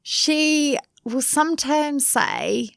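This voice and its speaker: A woman's voice: sits high, lively intonation, extremely slow, vocal fry, a bit bright, dry recording, clean studio sound. A woman in her thirties with a Somerset English accent, chatting casually as an interview guest, with many fillers and asides. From England.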